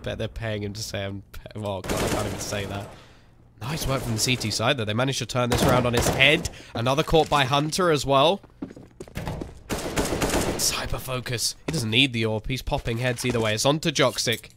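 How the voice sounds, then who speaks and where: A man casting a competitive shooter match solo, calling the plays with sudden rises in excitement and chatting with his viewers between rounds. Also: medium pitch, normal speed, heavy background noise. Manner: excitable play-by-play that slips into chat with viewers. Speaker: esports caster. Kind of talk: live game commentary. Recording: game gunfire and clicks behind the voice.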